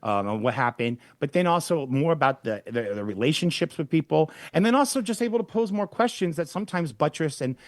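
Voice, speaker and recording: A man co-hosting a true-crime podcast in casual chat, rambling with wry deadpan asides on a close mic. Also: a little high, brisk, few pauses, no echo. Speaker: podcast co-host.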